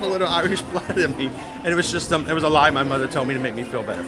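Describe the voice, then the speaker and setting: A man's voice: on the high side, fairly quick, a crowd in the background. A man hosting a casual livestream outdoors at a theme park, telling a rambling story with fillers and laughs. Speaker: livestream host.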